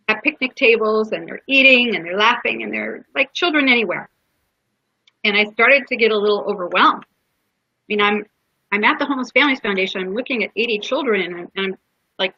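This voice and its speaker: Bright-voiced woman guest with a husky edge, earnest and heartfelt, dry and dull lo-fi sound. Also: on the high side, no room sound. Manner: earnest, heartfelt, with restarts and quoted dialogue. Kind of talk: personal storytelling in a podcast interview. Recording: dull lo-fi podcast audio.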